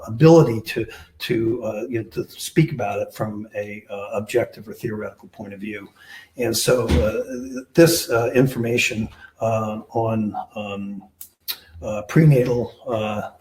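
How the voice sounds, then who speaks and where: A man's voice: medium pitch, a little mellow. A man answering questions on a panel as a researcher, talking hesitantly with many filler sounds. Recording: echoey room.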